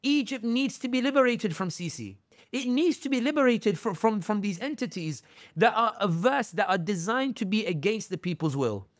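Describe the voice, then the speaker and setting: High-voiced man, animated political storytelling. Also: normal speed, no room sound, studio quality. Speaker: guest commentator. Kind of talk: podcast interview.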